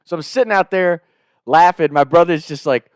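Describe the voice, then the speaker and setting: A man's voice: fairly high pitch, normal speed, clear, resonant tone, dry recording, studio quality. A man casually telling a comic story, rambling and profane, laughing between his lines.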